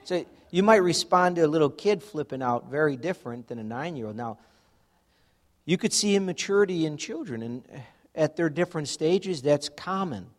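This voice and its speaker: A man's voice: on the high side, lively intonation, moderate pace. A man preaching a sermon in a conversational way, acting out everyday examples. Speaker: pastor.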